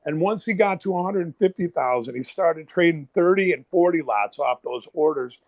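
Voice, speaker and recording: A man, a former pit trader, telling animated stories in casual chat and acting out the people in them. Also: on the high side, moderate pace, dry recording. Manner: animated, swearing, acts out quoted people. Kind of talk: casual storytelling. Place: online audio room.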